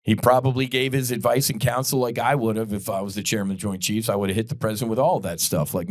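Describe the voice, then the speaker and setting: A man's voice: fairly low pitch, fairly even intonation, fast, hardly any pauses, no echo, clean studio sound. A man hosting a podcast, delivering blunt, heated political commentary full of profanity. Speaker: podcast host.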